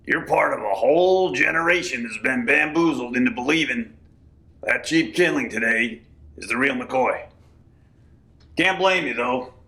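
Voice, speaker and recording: Gravelly folksy man telling tall tales. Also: mid-range voice, animated, a little slow, pushed and bright. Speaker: comic storyteller. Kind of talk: deadpan comedy interview.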